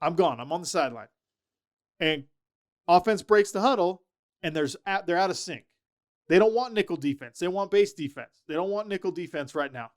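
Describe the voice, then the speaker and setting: High-voiced man telling animated stories. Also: brisk. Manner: animated storyteller, acts out quoted voices. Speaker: podcast guest. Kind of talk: casual storytelling chat.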